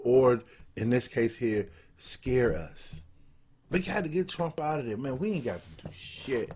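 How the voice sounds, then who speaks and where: A man's voice: medium pitch, a little mellow, slightly rough. A man giving casual, blunt, profane video commentary, emphatic and repeating himself for emphasis. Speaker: political commentator.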